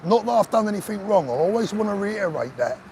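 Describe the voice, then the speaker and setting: A man's voice: high voice, sing-song, quick pace, vocal fry, warm tone, a little hiss or hum. An older man hosting a live stream, chatting earnestly and emotionally with viewers and calling them mate. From England. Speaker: livestream host. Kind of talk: live-stream chat reading viewer comments. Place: outdoors on a town street.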